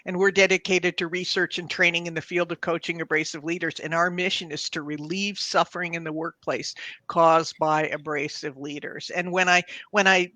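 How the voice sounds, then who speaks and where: A woman in her sixties, a coach being interviewed, telling stories in a measured, earnest way and acting out the dialogue in her anecdotes. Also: fairly low pitch, steady tone, pushed and bright, no room sound. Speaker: guest, executive coach. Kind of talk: interview storytelling.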